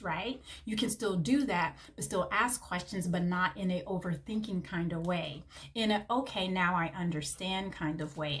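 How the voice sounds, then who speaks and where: A woman reads tarot cards to camera in a plain, mid-pitched voice. She gushes with affection, calling the listener honey and baby as she walks through each card. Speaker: tarot reader.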